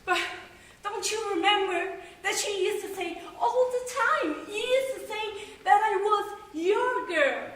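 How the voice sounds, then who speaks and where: A woman acting the part of a frightened young bride on stage, talking in quick, impulsive bursts. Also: very high-pitched, distant mic, a little hiss or hum. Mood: distraught. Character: young bride, frightened, clinging to her father. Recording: echoey stage audio from afar.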